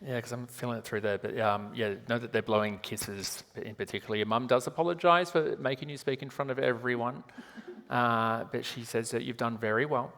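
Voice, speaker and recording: A man's voice: medium pitch, fairly even intonation, fairly bright tone. An Australian man doing a live medium show in a theatre, rambling and joking at himself between readings. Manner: rambling, self-mocking, quick asides. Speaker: psychic medium on stage. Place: large theatre hall. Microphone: handheld microphone. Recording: hall reverb.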